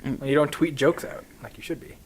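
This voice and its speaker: A man's voice: on the high side, fairly even intonation, fairly quick, a little hiss or hum. A man co-hosting a podcast in casual chat, often protesting and defending himself in friendly banter. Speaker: podcast co-host.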